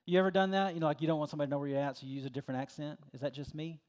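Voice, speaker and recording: Folksy preacher, mid-high voice. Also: male voice, fairly even intonation, rapid-fire, a little mellow. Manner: conversational, folksy preaching with filler words. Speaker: pastor. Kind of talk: sermon.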